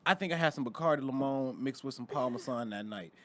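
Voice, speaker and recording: A young man, a podcast guest, telling a story in casual chat, animated and laughing as he acts out the scenes. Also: medium pitch, fast talker.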